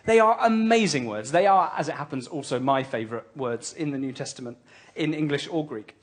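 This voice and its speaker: A male pastor preaching to his congregation in church. His voice sits a little higher than most men's, and he talks loosely and warmly, with fillers and small jokes, as if chatting with the room. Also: lively intonation, fairly quick. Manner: conversational storytelling with light humour and frequent fillers. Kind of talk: sermon.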